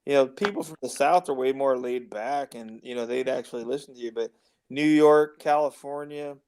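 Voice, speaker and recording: A man's voice: mid-range voice, normal speed, darkish tone, a little hiss or hum. A man from the United States hosting a casual podcast chat, rambling and laughing often. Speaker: show host.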